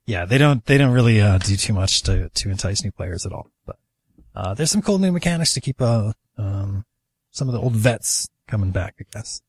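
A man's voice: on the low side, animated, moderate pace, husky, dry recording. Laid-back man in dry close sound. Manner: laid-back, hesitant, many uhs. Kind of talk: casual gaming chat.

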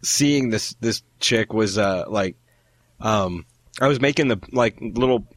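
A man's voice: lowish voice, unhurried, no echo. A man hosting a casual gaming podcast, swearing and telling stories with lots of restarts. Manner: animated, swears freely, restarts, bursts into laughter. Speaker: podcast host. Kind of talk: casual chat.

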